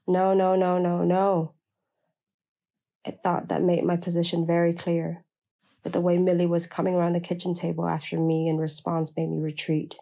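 A woman's voice: fairly low pitch, vocal fry, warm tone. A woman narrating a first-person memoir in a blunt, plain-spoken way.

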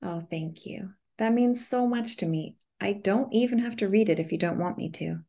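A woman's voice: mid-range voice, normal speed, vocal fry, mellow. A woman voicing a tender, soothing lover. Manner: soothing, calls partner honey. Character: tender affectionate woman, gentle and comforting.

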